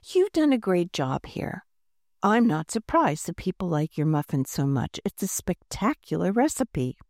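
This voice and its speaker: A curious, clever schoolgirl who builds her own gadgets, brisk and determined, as a woman reading a storybook puts her on. Her voice swings lively up and down, with a warm tone and a dry sound close to the mic. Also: fairly low pitch, no echo. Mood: coaxing.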